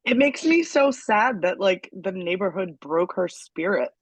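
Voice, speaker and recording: Female podcast co-host, mid-pitched voice, friendly and upbeat. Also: lively intonation, measured pace, breathy edge, dry recording, poor audio. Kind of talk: casual podcast chat.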